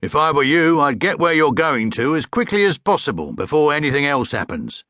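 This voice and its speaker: A man's voice: fairly high pitch, big pitch swings, a little fast, pushed and bright, no echo, studio quality, pitched above the performer's own voice. A man doing a chatty cabbie. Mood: sympathetic. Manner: chatty, sympathetic. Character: friendly middle-aged male London cabbie.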